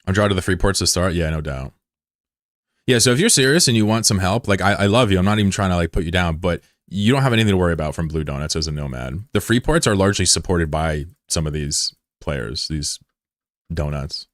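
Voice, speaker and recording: A low-voiced man banters loosely with his stream chat while he plays. He jokes, swears freely and keeps a relaxed tone. His voice is dry and close, with no room sound. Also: brisk, no room sound. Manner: joking, profane, laid-back banter. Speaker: game streamer. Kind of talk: casual live-stream chat with viewers.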